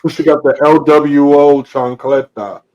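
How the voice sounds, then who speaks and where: A man co-hosting a casual podcast, throwing in quick teasing asides. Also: a little high, little pitch movement, highs cut off, crowd noise. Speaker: podcast co-host. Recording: noisy podcast mic.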